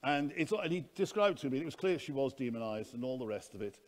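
A man's voice: mid-range voice, animated, fast talker. A man preaching at a conference, telling stories in an earnest, anecdotal teaching manner. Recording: long hall reverb.

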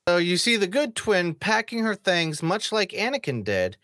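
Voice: medium pitch, very animated, moderate pace, a bit bright, no echo, clean studio sound. A vlogger giving a casual, sarcastic review of a TV episode, mocking it and swearing now and then.

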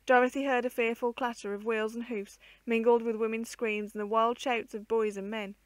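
A woman reading an old children's book aloud in a measured, expressive way. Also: on the high side, no room sound. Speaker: storyteller.

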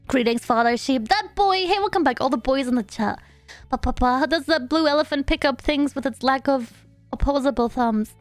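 A woman's voice: high voice, moderate pace, dry recording. Chatty young woman streaming a game. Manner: chatty, playful and sympathetic, talking to chat. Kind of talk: casual live-stream chat while gaming. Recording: dry close mic, faint background music.

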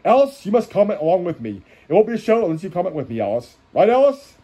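A cartoon commentator with a high, warm, sing-song voice races through his channel-surfing commentary on kids' cartoons. He keeps it playful and jokey, humming theme tunes and bursting into bits of song along the way.

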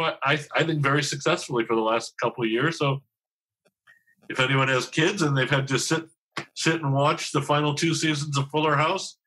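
A TV writer in his fifties speaks candidly as a guest in a conversational podcast interview, self-deprecating and rambling, restarting often. His mid-range voice sounds pushed and bright, and the recording quality is low.

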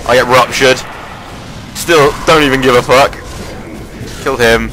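A man giving casual, excitable commentary over a replay of his own online match, swearing freely and jumping up in pitch at the big plays. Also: moderate pace, slight background noise, poor audio.

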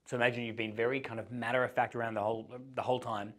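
Man coaching in a lively explanatory voice. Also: rapid-fire. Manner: explanatory, shifts pace and pitch to act out examples. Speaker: dating coach. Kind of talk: instructional talk to camera.

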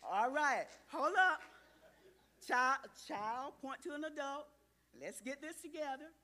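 In a church sanctuary, a woman with a fairly high voice leads a children's sermon at a slow pace. Animated and coaxing, she pulls both the kids and the adults into the lesson.

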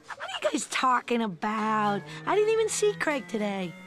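A woman's voice: fairly high pitch, very animated, normal speed, fairly bright tone. A woman voicing a spunky, dramatic middle-school girl who exclaims and wisecracks. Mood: wondering. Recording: cartoon soundtrack with music behind.

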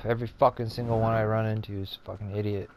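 A man's voice: lowish voice, level tone, fast, noisy background. A man ranting with constant swearing while commentating his gameplay. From Canada. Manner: profane, exasperated ranting. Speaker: gaming streamer. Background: video game music.

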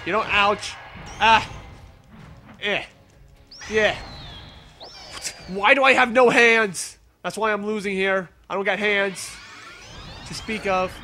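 A man giving excitable, playful gameplay commentary, yelling and teasing as he plays. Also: high voice. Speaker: let's play commentator.

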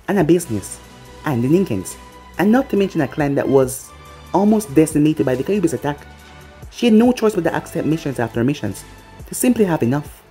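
A storyteller reading a fan-made anime story aloud, acting out each character. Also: mid-range voice. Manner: animated, acts out the characters. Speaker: channel storyteller.

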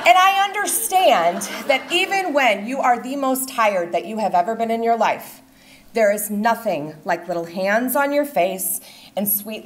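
A middle-aged woman reading her own personal essay on stage with expressive comic timing. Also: on the high side, measured pace, slight background noise. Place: event stage before an audience.

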